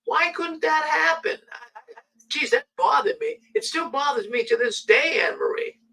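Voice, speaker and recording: A man hosting a casual talk show, telling stories in an animated way. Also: extremely high pitch, normal speed, creaky, distant mic, rough recording. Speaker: host.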